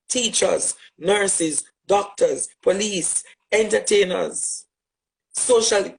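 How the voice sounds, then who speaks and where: A man with a Jamaican accent speaks directly to his audience as a social media commentator, forceful, impassioned and rhetorical, repeating phrases for emphasis. His voice is high with vocal fry, and the audio is poor.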